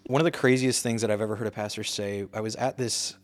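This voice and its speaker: Quick, low-voiced young man joking around. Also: steady tone. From United States. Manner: joking, self-deprecating. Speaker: podcast guest. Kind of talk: casual interview chat.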